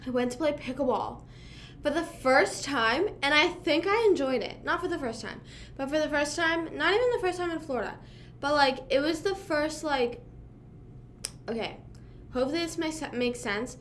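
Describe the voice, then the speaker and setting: Rambling young woman streamer, slightly high voice. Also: expressive, normal speed, fairly bright tone, a little hiss or hum. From Pennsylvania. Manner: rambling, heavy use of "like" and "you know what I mean"; talking while chewing food. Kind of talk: casual livestream chat.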